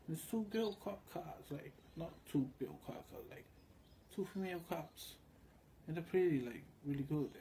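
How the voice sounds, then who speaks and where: A man talks through a loose, wandering story, slipping into quick imitations of the people he met. His voice sits a little high but sounds mellow and warm. A faint hum of background noise runs underneath. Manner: meandering and crude, acts out other voices in quotes. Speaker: vlogger. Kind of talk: rambling casual storytelling.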